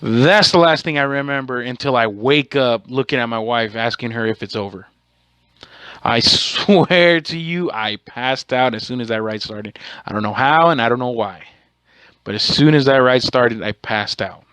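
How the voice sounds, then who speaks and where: A man's voice: mid-range voice, moderate pace, a bit bright, clear, resonant tone, no echo. A man hosting his own podcast, telling a rambling, profane story in a casual way and correcting himself as he goes. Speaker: podcast host.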